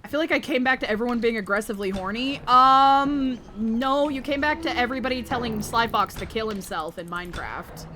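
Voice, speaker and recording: A woman from Georgia streaming a horror game with friends, talking casually, swearing often and bursting into loud shouts. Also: on the high side, a little fast, hardly any pauses, a little hiss or hum. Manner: crude, loud outbursts and swearing. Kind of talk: casual gaming chat.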